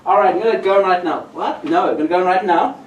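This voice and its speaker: A man performing a comedy magic act on a theatre stage, teasing and bantering with the audience in a playful, excitable way. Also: sits high, quick pace, highs cut off, slight background noise. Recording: roomy echo from far off.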